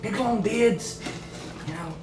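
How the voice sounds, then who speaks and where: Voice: medium pitch, slow pace, darkish tone, reverberant, far from the mic, soft background music. A player in a tabletop game, teasing the others in a playful way. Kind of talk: casual tabletop role-play.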